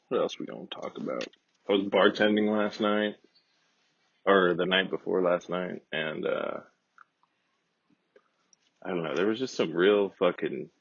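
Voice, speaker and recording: A man casually telling a rambling, profane, deadpan comedic story as a podcast host. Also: sits low, creaky, slightly rough, no room sound. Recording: dull lo-fi dry recording.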